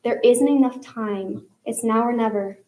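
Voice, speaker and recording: A woman reading aloud and voicing a gruff but motherly older woman cook with a thick put-on brogue and folksy talk. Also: a little high, measured pace, a little mellow, echoey room, natural voice. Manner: hollering then cooing, folksy speech with "aye" and "ya".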